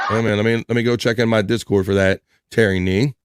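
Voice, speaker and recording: A man's voice: on the low side, fairly even intonation, fast talker, hardly any pauses, background noise. A man hosting a casual livestream, chatting and reading viewer comments aloud with frequent laughs. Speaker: livestream host.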